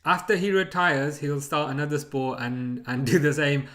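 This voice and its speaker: Bright-voiced chatty streaming man. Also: on the high side, steady tone, moderate pace. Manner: rambling, chuckling, reads out chat messages. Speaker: streamer hosting a football watchalong. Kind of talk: casual live chat.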